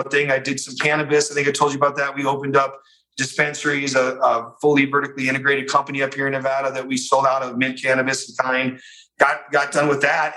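Bright-voiced man telling a story. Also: medium pitch, low-quality recording. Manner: animated, fast-paced anecdote with many fillers. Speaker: guest. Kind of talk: storytelling in a casual interview.

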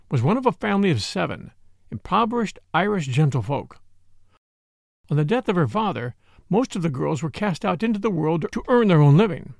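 A man narrating a classic mystery novel in a measured storytelling manner. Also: fairly high pitch, gravelly, a little mellow, no room sound, studio quality. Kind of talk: scripted audiobook narration.

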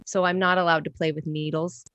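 A woman guests on an improvised comedy podcast, playing a persona in a deadpan, matter-of-fact way. Her voice is low-pitched and brisk on a dry recording.

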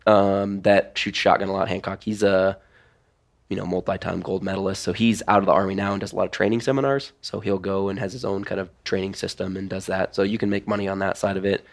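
A man's voice: deep voice, quick pace, vocal fry. A man, a former competitive pistol shooter, explaining things step by step in casual podcast chat with lots of "like"s. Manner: relaxed, explains step by step with many "like"s.

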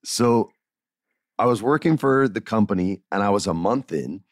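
Animated storytelling male podcast host. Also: fairly low pitch, normal speed, no room sound, clean studio sound. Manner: animated storytelling, swears freely. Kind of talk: casual interview chat.

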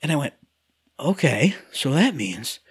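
A man's voice: on the high side, very animated, moderate pace, fairly bright tone, no echo, studio quality. A man co-hosting a casual chat, ranting about a game and mimicking characters' lines in exaggerated voices. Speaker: podcast co-host reviewing a game.

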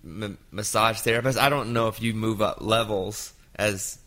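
A man in his fifties hosting a casual chat, telling an anecdote with lively jumps into quoted voices. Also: fairly low pitch, normal speed. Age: 50s.

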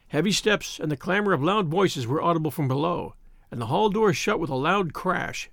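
A male narrator reads a classic story in the first person, measured and descriptive. His voice is high for a man and moves a lot, with a gravelly rasp underneath. The sound is close and dry, with no room around it. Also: animated, fairly bright tone, dry recording. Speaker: audiobook narrator.

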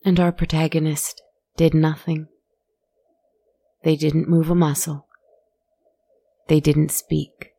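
A woman telling a spooky story in a soft, hushed, scripted narration that sometimes sinks into a whisper. Her voice is low, husky and gravelly with heavy vocal fry, mellow in tone, and she takes her time. The recording is close and dry. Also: level tone, no room sound. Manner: soft, slow and hushed, dropping at times to a whisper.

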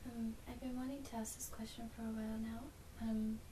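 A woman in the audience asking a question in a quiet, hesitant way. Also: fairly high pitch, level tone, brisk, noisy background.

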